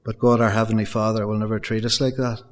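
A man's voice: lowish voice, flat delivery, fast. A man preaching a sermon in an earnest style, repeating phrases for emphasis and addressing the congregation directly. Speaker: pastor.

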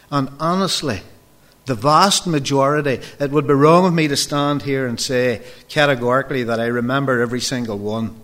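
A preacher in his fifties, speaking at an everyday middle pitch. He tells personal stories from the pulpit and acts out the back-and-forth dialogue, often turning to speak straight to the congregation. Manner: storytelling, acts out dialogue, addresses the folks directly.

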